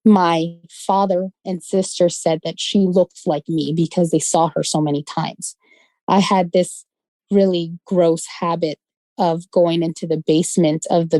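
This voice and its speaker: A woman's voice: fairly low pitch, dry recording, poor audio. A woman telling a childhood ghost story in casual conversational speech, acting out the voices of the people she quotes. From West London. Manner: animated, acts out quoted voices. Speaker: guest storyteller.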